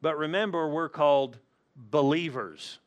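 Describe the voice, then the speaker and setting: A man with a voice pitched a little above the usual delivers a sermon as a pastor. His preaching is playful and anecdotal, and he slips into the voices of the people in his stories. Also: a little slow. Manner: humorous storytelling that acts out the people in its stories.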